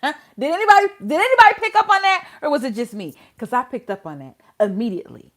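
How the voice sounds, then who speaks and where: A woman's voice: high voice, big pitch swings, quick pace. A woman hosting a casual legal commentary channel, exasperated and full of rhetorical questions.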